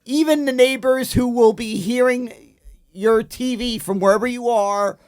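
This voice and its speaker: A man's voice: extremely high pitch, steady tone, unhurried, darkish tone, clear, resonant tone. A man guesting on a comedy podcast, talking eagerly and stammering through restarts.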